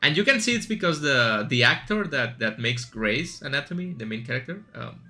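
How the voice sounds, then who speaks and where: A man's voice: medium pitch, expressive, moderate pace, pushed and bright. A man streaming a game, chatting casually and rambling with asides and fillers as he plays. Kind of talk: casual chat while gaming.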